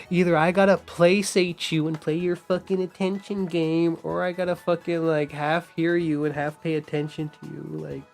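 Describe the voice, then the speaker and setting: Profane rambling man streamer. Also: fairly high pitch. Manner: profane, rambling, laughs often. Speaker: game streamer. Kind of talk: casual stream chat.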